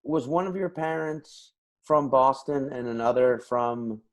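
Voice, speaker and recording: A man co-hosting a podcast in casual chat, talking in an animated, profane and self-mocking way. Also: mid-range voice, a little slow. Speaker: podcast co-host.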